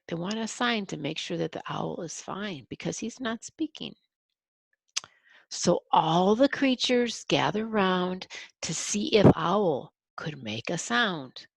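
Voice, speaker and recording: An older woman, a grandmother, reading a picture book aloud to a child, gently explaining and counting along. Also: lowish voice, gravelly, slightly rough, no echo.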